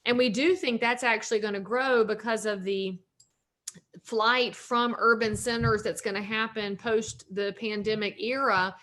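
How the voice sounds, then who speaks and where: A talkative Southern woman in her forties, speaking in a somewhat high voice. She is an upbeat guest in a casual interview and trades jokes easily. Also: steady tone, measured pace, fairly bright tone. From North Carolina, US. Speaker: realtor and author, guest.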